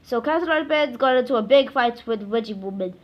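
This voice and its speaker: A woman reading a children's book aloud, halting often with stumbles and self-corrections. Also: on the high side, lively intonation, lo-fi sound. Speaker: reader.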